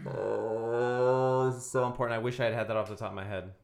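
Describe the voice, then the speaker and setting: A man co-hosting a podcast in casual banter, excitable and full of questions. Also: medium pitch, a little fast, vocal fry. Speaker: podcast co-host.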